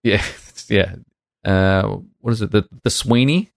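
A man with a fairly low voice chatting casually as a podcast co-host and reading out listener emails. The sound is dry and close, with no room echo. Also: slow pace, creaky. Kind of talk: casual chat.

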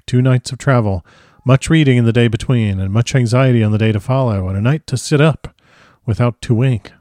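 Guy doing an old foreign professor, slow grave broken english, dark mellow dry voice. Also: medium pitch, no echo, lightly acted. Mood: earnest. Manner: broken formal English, stately measured delivery. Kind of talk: audiobook character reading.

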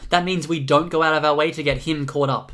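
A man's voice: fairly high pitch, fairly even intonation, a little fast, fairly bright tone, close to an everyday voice. A man reading aloud and voicing a cocky, hostile young man in a storybook reading. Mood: defiant.

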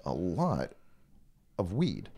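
Animated, laughing male radio host. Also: low voice, slow, gravelly, slightly rough. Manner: laughs often, animated storytelling. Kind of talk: casual morning-show banter.

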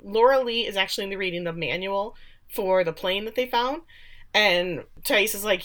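A woman's voice: medium pitch, moderate pace, fairly bright tone. A woman casually recapping a TV episode. She talks loosely, swears freely and briefly mimics characters when quoting them.

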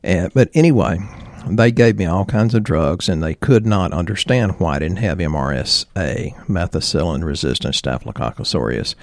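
A chiropractor, a man, telling a personal story in a halting way, with frequent ums and throat clearing. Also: deep voice, lively intonation, dry recording, clean studio sound.

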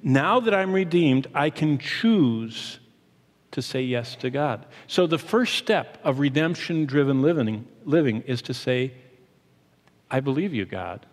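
A middle-aged man preaching a sermon as pastor, animated, shifting his pace and emphasis as he teaches. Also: on the high side, a little slow. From Michigan, USA. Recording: long hall reverb.

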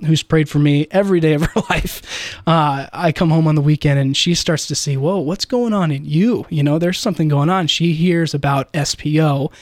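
A man's voice: on the high side, dry recording, studio quality. A man in his twenties from the United States, a guest earnestly recounting his faith story in casual conversation, with frequent "uh" fillers. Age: 20s.

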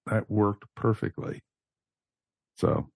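A man with a very low voice, co-hosting a casual fan podcast. He talks in an excited, blunt way and swears now and then. The sound is dry and close to the mic. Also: slow, gravelly, slightly rough, dry recording. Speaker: podcast co-host.

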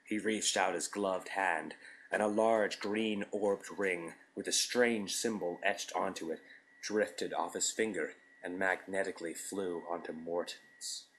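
A man narrating a scripted story in a measured, deliberate storytelling manner. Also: low-pitched, fairly even intonation, fairly bright tone, low-quality recording.

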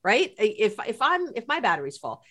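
A woman's voice: on the high side, brisk. A middle-aged woman from New York City, a couples therapist telling stories in a podcast conversation and acting out what people said. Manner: animated storyteller who acts out quotes.

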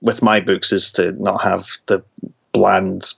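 A man's voice: low-pitched, level tone, slow, creaky, a bit bright, husky. A horror author, a man, chatting as a guest in an interview, often restarting his sentences and laughing at himself. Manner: stammering restarts, self-deprecating laughs. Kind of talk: casual interview chat.

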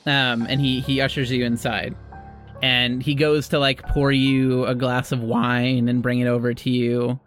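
A game master narrating a tabletop game in a halting way, with many restarts. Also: medium pitch, flat delivery, soft background music.

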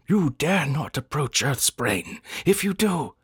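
A man's voice: lowish voice, unhurried, a bit bright, husky, no echo, clean studio sound. A man voicing a solemn, fearful male Arctic guide who speaks in stilted, old-fashioned phrases. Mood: alarmed.

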